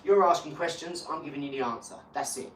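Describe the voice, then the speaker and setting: A man talking in a casual live chat, rambling and boastful, breaking into animated rants. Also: on the high side, quick pace. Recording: echoey room, far from mic, faint hum.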